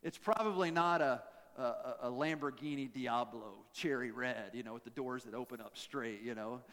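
A man's voice: medium pitch, moderate pace, a bit bright, in a large hall. A man preaching a sermon as a pastor, folksy and joking, with self-deprecating asides.

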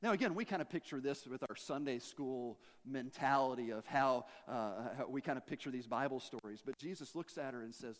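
A man's voice: fairly quick, few pauses. Folksy man preaching in an echoey hall. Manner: conversational, folksy storytelling, dropping low for emphasis. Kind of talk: sermon.

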